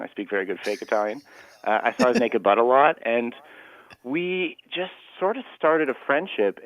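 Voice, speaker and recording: A man's voice: mid-range voice, dry recording. A man telling personal stories as a radio guest, earnest and rambling. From Canada. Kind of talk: radio phone interview. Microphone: phone. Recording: dry, tinny phone line.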